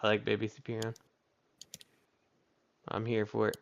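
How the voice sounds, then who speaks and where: Laconic man with a gravelly low voice. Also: monotone, normal speed. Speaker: podcast co-host. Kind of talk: casual chat. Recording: dull lo-fi mic.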